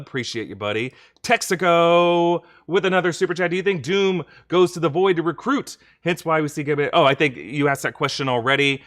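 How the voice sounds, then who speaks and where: A man's voice: mid-range voice, sharp tone. A young adult man hosting a live-stream reaction Q&A, chatty, reading out viewer questions and thanking donors. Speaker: host.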